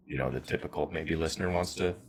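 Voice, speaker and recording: A man in his thirties from Saskatchewan, a podcast guest chatting casually and telling animated, self-deprecating stories about his career. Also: a bass voice, fast, creaky. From Saskatchewan, Canada. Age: 30s. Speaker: podcast guest, wealth advisor. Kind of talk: casual conversation.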